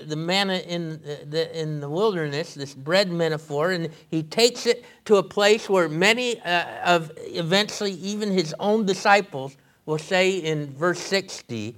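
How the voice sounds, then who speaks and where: A male pastor preaching an expository sermon, halting with many fillers and restarts. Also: high voice, a bit bright.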